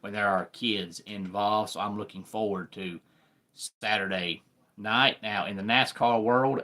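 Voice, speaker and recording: A man with a Southern accent hosting a live sports talk stream, chatting with viewers in an unhurried way. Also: on the low side, pushed and bright. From American South. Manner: unhurried, greets viewers by name.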